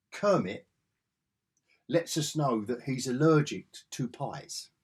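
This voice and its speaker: A man's voice: mid-range voice, darkish tone. A man talking through comic books in a casual review vlog, chatty and enthusiastic.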